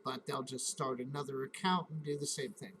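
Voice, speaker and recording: A man's voice: medium pitch, fairly even intonation, brisk, a bit bright, a little hiss or hum, rough recording. A man hosting a live stream, casually telling a rambling, profane story and acting out his own reactions in quotes.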